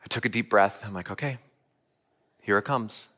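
A man's voice: on the low side, moderate pace, fairly bright tone. A man giving a sermon, telling a personal story earnestly and asking the listeners direct questions. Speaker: church speaker.

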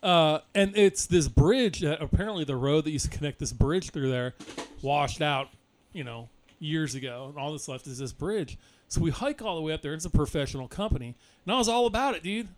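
A man's voice: fairly high pitch, fairly quick, slight background noise. A man in his forties telling profane stories in casual chat, laughing as he talks.

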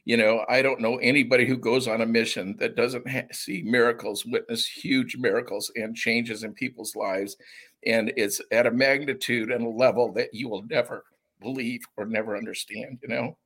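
A man's voice: mid-range voice, steady tone, normal speed, a bit bright. A man speaking as an interview guest, recalling personal experiences in an earnest, reflective way. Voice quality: gravelly, husky. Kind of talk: conversational interview.

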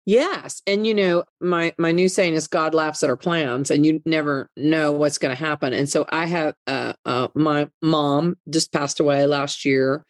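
A woman's voice: low-pitched, fairly even intonation, measured pace, hardly any pauses, dry recording, clean studio sound. A middle-aged woman speaking earnestly in an interview, emphatic and often repeating words as she tells a personal story. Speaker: guest, mother and advocate. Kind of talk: conversational interview.

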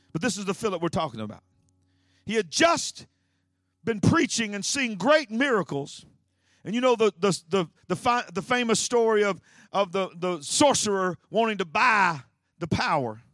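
A man, a pastor preaching an energetic sermon with frequent shouts and repeated phrases. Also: sits high, dry recording.

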